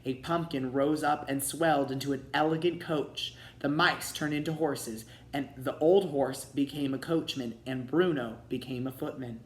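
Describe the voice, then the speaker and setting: A man reading a children's storybook aloud in a steady, expressive way. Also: mid-range voice, moderate pace, hardly any pauses. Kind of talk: read-aloud storybook narration. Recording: roomy echo.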